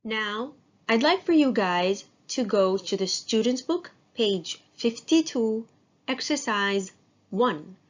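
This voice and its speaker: A woman teaching an English phonics lesson, modeling sounds slowly and praising students as they repeat. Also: fairly high pitch, lively intonation. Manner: slow, drawn-out, encouraging drill. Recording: dull lo-fi sound.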